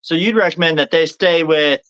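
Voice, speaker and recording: A man co-hosting a podcast, asking casual interview questions in a relaxed, slightly stumbling way. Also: on the high side, moderate pace, smooth, highs cut off. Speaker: podcast co-host.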